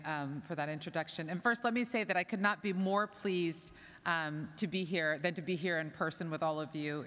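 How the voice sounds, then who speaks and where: Middle-aged woman, warm chatty presenter, lowish voice, big reverberant hall. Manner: warm, chatty, moved close to tears. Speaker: award presenter. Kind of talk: emotional conference speech. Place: large conference hall.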